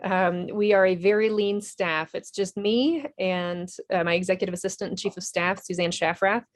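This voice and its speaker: A woman's voice: medium pitch, steady tone, normal speed. A woman, an Army veteran and nonprofit director, telling her story in a TV interview in an earnest, candid way with small restarts.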